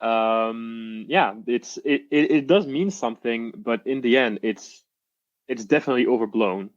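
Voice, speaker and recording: A young man, a coaching client, telling his story in a casual interview with halting restarts, reenacting what others said. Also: mid-range voice, dry recording, dull audio.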